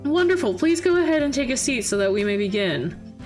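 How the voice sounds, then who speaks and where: Woman putting on a polite male interviewer, over-the-top comic accent, high lively pitch, faint music behind. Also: fairly quick. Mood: formal. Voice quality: exaggerated comic cartoon-villain accent. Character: suave male cabaret interviewer, formal and polite.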